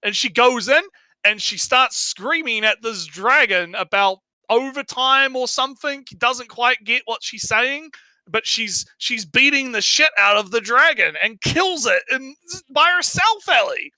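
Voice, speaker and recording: Stream co-host: high, bright man, animated, swears freely, acts out characters mid-recap. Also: a little slow, dry recording, poor audio. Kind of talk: casual chat, recapping an anime.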